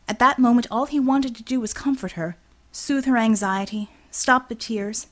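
A woman reading an action novel aloud as audiobook narrator, steady and expressive. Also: fairly high pitch, moderate pace. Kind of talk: scripted narration.

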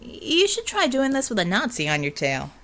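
A cocky male acrobat with a sneer in every word, played by a woman reader. His voice drops a little lower and drawls slowly as he goads. The character comes from an audiobook. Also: big pitch swings, a bit bright. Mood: mocking. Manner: sneering, mocking.

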